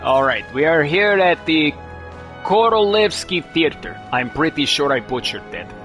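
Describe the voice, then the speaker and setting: Jokey young male gamer, higher voice. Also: sing-song, a little slow, fairly bright tone, faint music behind. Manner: jokey and playful, puts on silly accents. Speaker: gaming streamer. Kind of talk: casual let's play commentary.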